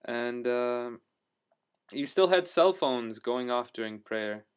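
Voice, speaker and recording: A man's voice: mid-range voice, expressive, slow pace, clear, resonant tone. A man telling a travel story in a casual video diary, rambling with lots of fillers and restarts, enthusiastic about what he saw. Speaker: travel vlogger.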